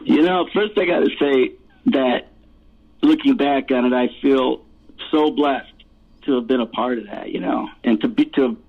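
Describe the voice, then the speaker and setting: Over a tinny phone line, a male rock singer guesting on a casual interview laughs a lot and curses freely while rambling through stories. He has a mid-range voice and a moderate pace.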